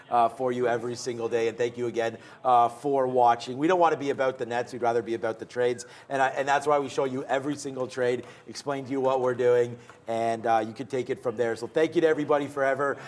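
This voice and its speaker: A man hosting a live studio show in a casual, rambling chat, his voice getting tired. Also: mid-range voice. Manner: rambling and chatty, with many fillers. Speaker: show host. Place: trading-floor TV studio.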